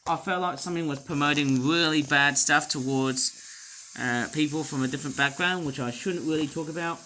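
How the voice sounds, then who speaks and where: A man's voice: a little high, brisk, a bit bright, a little hiss or hum, low-quality recording. A man reviewing toy figures and rambling with puns and fillers as he unboxes them. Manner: rambling, punning, full of fillers. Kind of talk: unboxing commentary.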